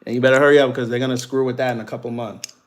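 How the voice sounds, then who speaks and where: Talking very fast in a level, mid-range voice, the man hosting the livestream offers casual political commentary. He mocks commenters, trash-talking and laughing, in African American Vernacular English.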